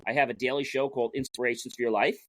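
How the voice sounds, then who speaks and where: A man's voice: mid-range voice, fairly even intonation, rapid-fire, fairly bright tone, dry recording. A man, the guest in an interview, who talks energetically, retells stories by acting out the dialogue, and often restarts his sentences. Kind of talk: casual interview storytelling.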